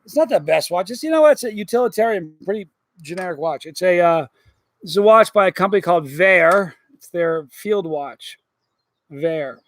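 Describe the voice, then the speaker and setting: A middle-aged man hosting a casual live stream, rambling through stories and chatting with viewers in an animated way. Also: high voice, moderate pace, no echo.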